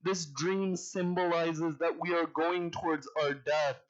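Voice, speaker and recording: A man preaches in a storytelling way, slowing down to voice the people in his tales. His voice sits a touch high for a man. The recording is dull and lo-fi. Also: steady tone. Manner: storytelling, voicing quoted figures, rising to a tearful lament. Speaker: speaker at a Muharram majlis. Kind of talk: sermon with mourning recitation. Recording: dull lo-fi sound.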